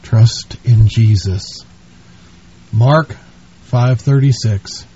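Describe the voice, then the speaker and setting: A man's voice: medium pitch, drawn-out words, warm tone, a little hiss or hum. A man preaching a sermon in an earnest, pleading way, speaking to the listener as a friend, on a dull lo-fi recording.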